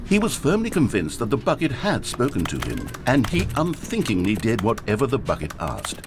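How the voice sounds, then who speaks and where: A man's voice: mid-range voice, huge pitch swings, normal speed, over music. A man voicing a dry, patronizing video game narrator, reading scripted lines with mock patience.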